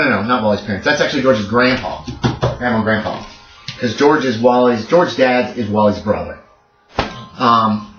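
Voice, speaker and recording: A man's voice: medium pitch, a bit bright. A man narrating a tabletop horror game as game master, casual and rambling with many fillers. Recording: dull roomy recording.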